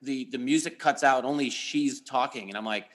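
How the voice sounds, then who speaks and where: A man's voice: medium pitch, a little fast, fairly bright tone. A middle-aged man in casual chat, telling stories animatedly, swearing and acting out his own outbursts.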